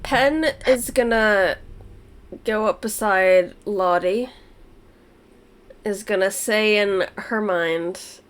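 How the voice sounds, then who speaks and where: A woman's voice: mid-range voice, drawn-out words, pauses often, a little hiss or hum. A woman player in a tabletop game, casually stating what her character does. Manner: casual, in-character action statements.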